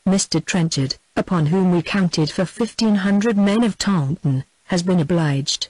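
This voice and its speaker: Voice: mid-range voice, a little slow, a little mellow, no room sound, lightly acted, low-quality recording. A narrator reading the lines of a hesitant, ill-at-ease lawyer in an audiobook, dry and close. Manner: hesitant, guarded. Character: hesitant, uneasy older male lawyer.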